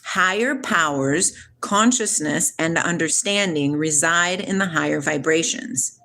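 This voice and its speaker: A woman hosting a casual spiritual livestream, talking back to her chat in an excitable, preachy way. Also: sits low, a little slow, a little hiss or hum. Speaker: livestream host reading chat.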